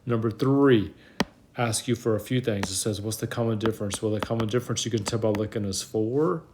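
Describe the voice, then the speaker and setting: A man's voice: on the low side, brisk, background noise. A man teaching a math lesson over a whiteboard, explaining step by step, audibly out of breath. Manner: plain step-by-step explaining, talks himself through the work. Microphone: tablet mic.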